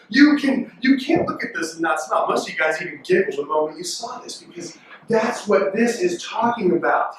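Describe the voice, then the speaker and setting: A man preaching a lively, joking sermon to teenagers, with sudden loud outbursts when he acts out reactions. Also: high voice. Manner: animated and jokey, bursts into loud mimicking. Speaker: youth pastor. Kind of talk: youth sermon. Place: large echoey worship hall. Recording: distant mic in reverberant hall.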